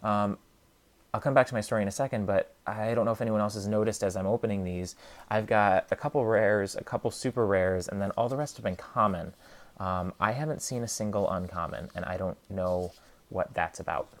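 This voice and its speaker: A man's voice: fairly low pitch, fairly quick. A man hosting a card unboxing, telling a long story casually with lots of hedging and ums. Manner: meandering, hedging, many ums and restarts. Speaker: card unboxing channel host. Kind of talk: casual rambling storytelling while unboxing cards.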